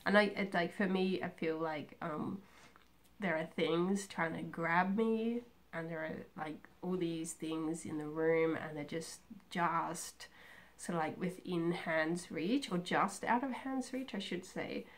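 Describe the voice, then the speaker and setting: A young woman chatting casually and rambling about herself in a home video, with many pauses and "um"s. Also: on the low side. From Australia. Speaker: craft vlogger. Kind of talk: casual personal chat.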